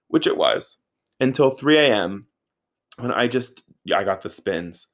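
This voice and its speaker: A man in his thirties telling a casual, animated story, swearing freely and saying "like" a lot. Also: lowish voice, unhurried. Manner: animated, profane, filler-heavy with frequent "like".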